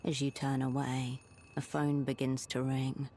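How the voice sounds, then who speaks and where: Flat gravelly game narrator, a man. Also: medium pitch, measured pace, slight background noise, natural voice. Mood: calm. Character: calm male game narrator. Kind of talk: scripted narration.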